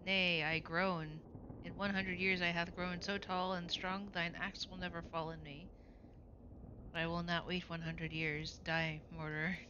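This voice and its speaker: A woman's voice: on the low side, little pitch movement, unhurried, pushed and bright, dull audio, slight background noise. A woman voicing a sly, lying tree that poses as a man, speaking in old-fashioned formal phrasing. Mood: defiant.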